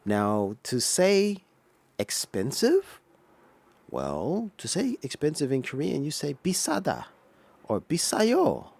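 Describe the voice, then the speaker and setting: A man giving an explaining commentary on a clip, slow and patient, with many fillers and restarts. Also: medium pitch, wildly swooping pitch, a little mellow. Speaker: reaction vlogger.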